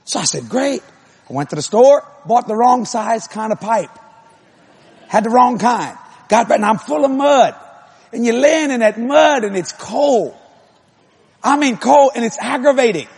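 A male preacher telling a comic story in his sermon, animated and acting out every voice, with an audience behind him. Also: very high-pitched, moderate pace, vocal fry, slightly rough. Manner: animated, acts out every voice, hollers.

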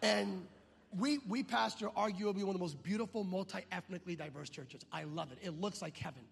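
Brief: male pastor, high husky voice, lively storytelling sermon in a big reverberant hall. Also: brisk. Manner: animated, acts out dialogue in voices. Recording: long reverb of a large hall.

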